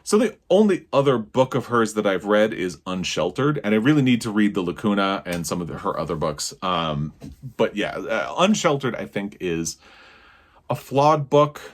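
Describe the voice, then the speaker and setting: A man vlogging a casual book review to camera, excitable and gushing, tripping over his words when thrilled. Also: lowish voice, moderate pace.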